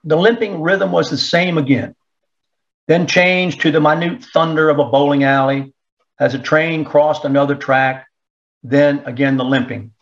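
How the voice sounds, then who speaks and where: A man narrating an audiobook in a measured, even storytelling manner. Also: fairly high pitch, lo-fi sound. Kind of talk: audiobook reading.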